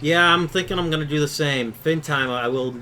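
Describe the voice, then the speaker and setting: A man's voice: on the high side, fairly quick, sharp tone, slight background noise. A man from Chicago hosting a casual live stream, reading viewer comments aloud and answering them offhand. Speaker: aquarium channel host.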